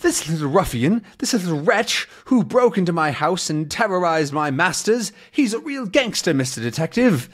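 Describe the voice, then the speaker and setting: A man's voice: sits high, very animated, normal speed, hardly any pauses, breathy edge, voice pushed up, full character voice. A man reading out a fussy older butler from a comic in an indignant, tattling voice.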